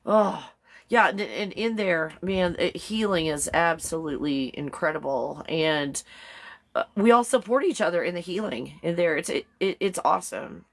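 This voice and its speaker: A woman talking casually on a live stream, her voice sitting a little low for a woman. She rambles from thought to thought, gets excited easily and breaks into giggles often. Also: normal speed. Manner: chatty and excitable. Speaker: live show host.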